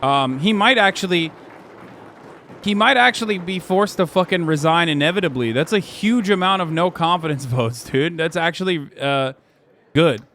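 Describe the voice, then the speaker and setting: A man's voice: fairly high pitch, animated, moderate pace, slight background noise. Profane, joking male streamer. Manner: loud, profane, joking with chat. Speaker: streamer reacting to live news. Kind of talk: casual live-stream reaction.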